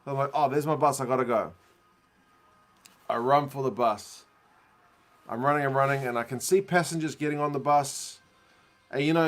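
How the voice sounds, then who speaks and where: A man hosting a rugby watch-along, casually telling a rambling, self-mocking story and often laughing at himself. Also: a little high. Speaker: rugby channel host.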